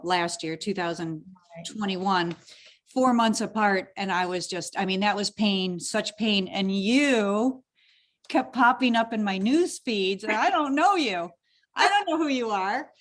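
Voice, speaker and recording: Woman host, mid-pitched, chatty and expressive, casual interview talk. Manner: chatty, emotional and animated, many restarts. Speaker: podcast host.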